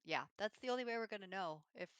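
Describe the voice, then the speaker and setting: A player with a bright, sharp tone talks through plans at a tabletop game. The sound is close and dry, and the speech rambles on filler words. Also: medium pitch, expressive, fast talker, clear, resonant tone, no room sound. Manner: filler-heavy, lots of "like". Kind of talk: casual tabletop play.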